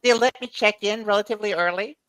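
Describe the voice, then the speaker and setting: A woman's voice: mid-range voice, fast talker, fairly bright tone, poor audio. A woman guest in a casual chat, rambling through memories with frequent restarts and laughs. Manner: rambling, repeats words while recalling, laughs often.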